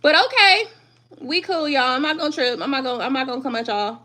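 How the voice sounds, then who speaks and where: A woman's voice: sits high, animated, quick pace, bright, forceful tone. A middle-aged woman reading tarot on a live stream, chatting casually in slang and laughing often.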